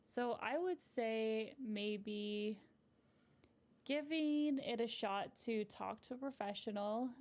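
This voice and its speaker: A woman couples therapist giving live advice and answering viewer comments, gentle and encouraging, often checking in with a "right?" at the end of a point. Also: fairly high pitch, takes it slowly.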